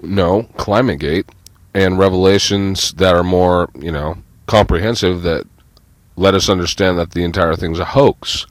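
A man's voice: deep voice, steady tone, moderate pace, no echo. A man co-hosting a talk show, joking in a crude, profane way. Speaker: co-host. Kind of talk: casual mocking commentary.

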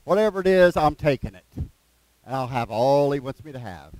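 A man's voice: mid-range voice, lively intonation, moderate pace, a little mellow, dry recording, rough recording. Man, preacher, folksy sermon, scripture reading, close dry sound. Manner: folksy, repeats phrases, asides between verses.

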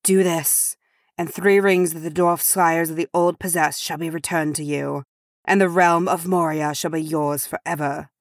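A woman voicing a sinister male messenger of a dark lord, speaking softly and insidiously. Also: low voice, fairly even intonation, normal speed, dry recording, clean studio sound. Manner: insidious, curling and soft.

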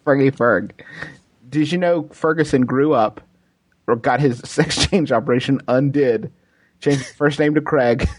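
A man's voice: mid-range voice, unhurried. A man co-hosting a comedy podcast, giving joking advice in casual chat and laughing often. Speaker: podcast co-host.

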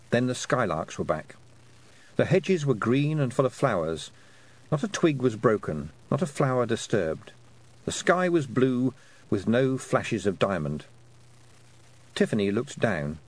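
A man narrating a children's fantasy audiobook, with an expressive storytelling delivery. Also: lowish voice, low-quality recording. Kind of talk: scripted narration.

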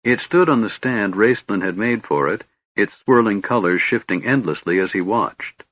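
A man narrating a fantasy audiobook in a steady, measured storytelling manner, with a husky voice. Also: fairly low pitch, no echo, muffled recording. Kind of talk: scripted narration.

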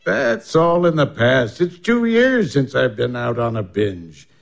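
A gruff older doctor, gravelly and dismissive. His voice moves up and down a lot, and faint music sits behind him. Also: mid-range voice, expressive, measured pace.

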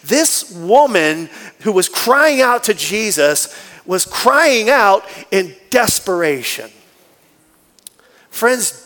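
High-voiced pastor preaching in a reverberant hall. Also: male voice. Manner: animated, acts out scenes with changing voices. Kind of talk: sermon. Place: church sanctuary.

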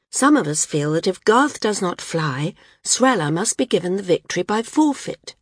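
A woman's voice: on the low side, breathy edge, dry recording, studio quality. Woman reading an apologetic female judge. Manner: measured, placating.

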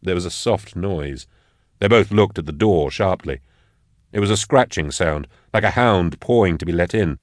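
Male audiobook narrator, low register, dry booth sound, measured delivery. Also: no room sound. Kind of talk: scripted narration.

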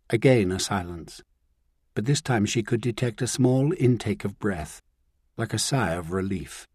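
A man narrates a novel in a measured, even way. His voice sits low and a little husky. It is recorded close and dry. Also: no room sound. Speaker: audiobook narrator. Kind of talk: scripted audiobook narration.

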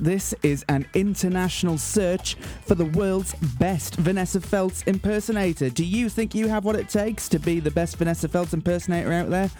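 Mock-grand mellow radio host man. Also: sits high, normal speed, few pauses, faint music behind. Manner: mock-grand, earnest announcer delivery. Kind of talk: deadpan comic radio presenting. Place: community radio studio.

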